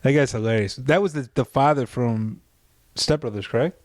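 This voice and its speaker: A young man in a loose podcast chat, blunt and joking with an easy, laid-back delivery. His voice sits at a middle pitch and is recorded close and dry, with almost no room sound. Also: normal speed, a little mellow, dry recording. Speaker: podcast co-host. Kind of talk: casual crude banter.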